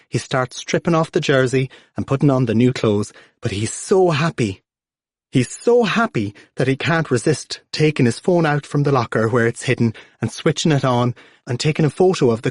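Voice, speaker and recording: A man's voice: medium pitch, no echo, clean studio sound. A man narrating an audiobook, shifting his voice for the characters.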